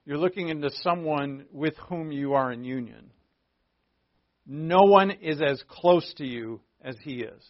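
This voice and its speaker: A man's voice: on the high side, a little slow, no echo. A man preaching a conversational sermon, explaining a Bible passage with frequent rhetorical asides. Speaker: pastor. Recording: dull lo-fi sound.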